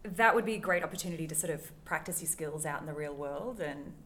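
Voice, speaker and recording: A woman's voice: sits low, fast, fairly bright tone. A woman, interviewing a guest casually, with friendly "yeah"s and easygoing follow-up questions. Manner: friendly, affirming, frequent "yeah".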